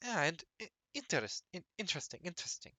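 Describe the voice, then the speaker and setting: A game master voicing a stranger in a clumsy put-on French accent, halting and full of restarts. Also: medium pitch, sing-song, sharp tone, no room sound. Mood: curious.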